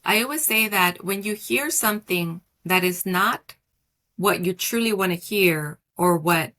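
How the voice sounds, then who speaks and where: Woman, low-pitched voice, gentle coaching talk, slow repeated affirmations. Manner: soft, slow, affirming cadence with repetition. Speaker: wellness coach, podcast guest. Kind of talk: guided reflection and coaching talk.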